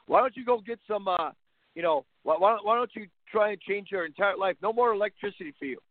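A man's voice: high-pitched, fast, no room sound. A man hosting a sports talk show, delivering a blunt, mocking, opinionated monologue. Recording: tinny phone-line sound.

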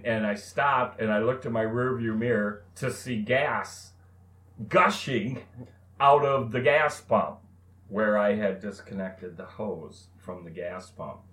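A man co-hosting a casual talk show, telling a self-mocking story with many "uh" pauses. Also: lowish voice, fairly bright tone, roomy sound. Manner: rambling anecdote with many "uh" pauses. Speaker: co-host. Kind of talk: casual podcast chat, storytelling.

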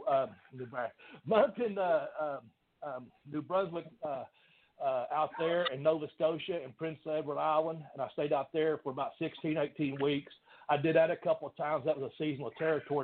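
A man telling animated wrestling stories in casual chat, laughing often. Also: a little high. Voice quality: country accent. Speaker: guest, former pro wrestler. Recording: phone-like line with faint noise.

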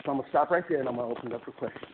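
A man giving an animated motivational talk to a university class, joking with the audience and taking questions in a lecture room. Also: mid-range voice, rapid-fire. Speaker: guest speaker. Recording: tinny phone-like recording with noise.

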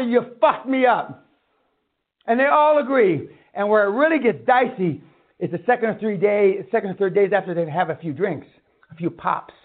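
A man giving a seminar talk, blunt and foul-mouthed, ranting at his audience. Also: high voice. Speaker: seminar speaker. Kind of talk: profane motivational lecture. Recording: tinny phone-like sound.

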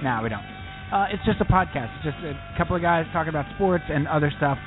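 Lively man with a tinny phone-like sound. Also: on the high side, quick pace. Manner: mock radio-announcer delivery, self-mocking. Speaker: podcast co-host. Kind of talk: casual sports talk podcast. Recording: tinny phone-like line, faint music.

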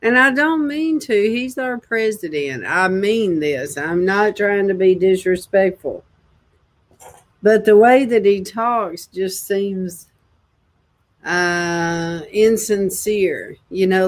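A woman hosts an online commentary show, reacting casually to the clips she plays. She talks slowly into her camera, with chuckling, mocking asides. Her voice sits at a middle pitch. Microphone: speaking to a video camera.

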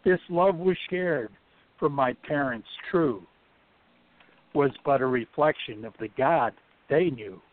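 A man calling in to read his poetry, slow and earnest. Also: mid-range voice. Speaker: caller reading poetry. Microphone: phone call. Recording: tinny phone line.

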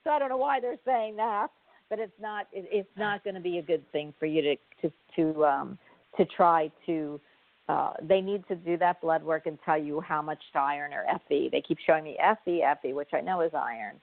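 A woman's voice: sits low, moderate pace, creaky, dry recording. A woman hosting a call-in show and giving readings, rambling and repeating herself in casual chat. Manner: rambling, repeats herself, laughs mid-sentence. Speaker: radio host and psychic reader. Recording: tinny dry phone line.

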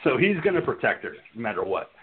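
Male podcast host, lively pitch, casual swearing, thin phone-quality audio. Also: fast, a little hiss or hum. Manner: laughing often, acts out scenes in raised voices, swears freely. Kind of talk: casual film-review chat. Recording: tinny phone-like line.

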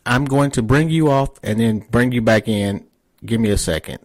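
A man's voice: mid-range voice, moderate pace. Profane chatty man hosting a podcast. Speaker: podcast host. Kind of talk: casual interview chat.

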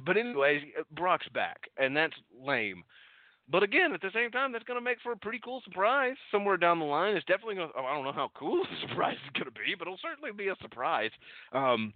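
A man's voice: on the high side, very animated, fairly quick, dry recording. A man hosting a wrestling recap show, rambling casually and sarcastically, with frequent swearing. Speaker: podcast host recapping wrestling. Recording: dry, thin phone-like audio.

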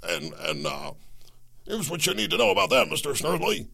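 A man's voice: fairly high pitch, vocal fry, slightly rough, pitched above the performer's own voice, heavily acted. A man impersonating a bombastic radio talk host. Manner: loud, emphatic, halting with fillers.

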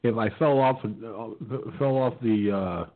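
A political talk radio host with a lowish voice speaks unhurriedly, heard through a tinny phone-like line. His talk wanders, with lots of fillers and restarts, and he mentions not having eaten, so his mouth may sound full.

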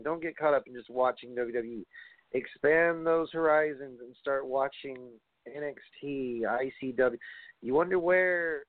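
Over a tinny, phone-like line with no echo, a man with a mid-range voice hosts a wrestling podcast. His delivery is loose and rambling as he reads long lists aloud, cursing from time to time.

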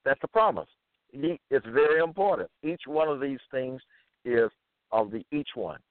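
A man reading scripture verses aloud and commenting on them, slowly repeating phrases with fillers between them. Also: medium pitch, expressive, no room sound. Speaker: self-styled preacher. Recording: tinny phone-like line.

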